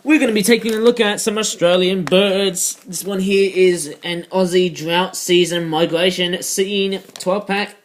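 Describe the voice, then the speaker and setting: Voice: medium pitch, steady tone, a little slow, hardly any pauses, a little hiss or hum. A toy reviewer in a casual vlog, rambling off topic with many ums and uhs. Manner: rambling, digressive, many fillers.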